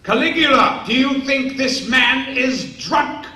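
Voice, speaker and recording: A man imitating a drunken, flamboyant older male actor who drawls and exclaims loudly, in an echoey hall. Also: very high-pitched, expressive, takes it slowly, pitched above the performer's own voice, heavily acted. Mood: commanding. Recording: echoey hall, distant mic, faint noise.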